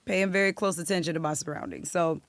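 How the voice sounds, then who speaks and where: A young woman from South Florida, a singer-songwriter telling a story as a podcast guest, animated and profane. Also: on the low side, fast talker, vocal fry, dry recording. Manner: animated, profane, acts out quotes. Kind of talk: casual storytelling interview.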